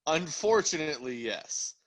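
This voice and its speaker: A man's voice: a little high, big pitch swings, poor audio. A young man co-hosting a comedy podcast, trading playful jokes. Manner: drawn-out, playful banter. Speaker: podcast co-host. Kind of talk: casual comedy podcast chat.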